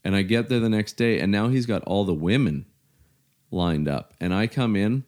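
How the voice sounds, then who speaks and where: Man, middle-aged, very low voice, plain-spoken, halting storyteller, casual interview talk. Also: a little mellow. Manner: plain-spoken, halting, many fillers like "you know". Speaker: guest telling his story.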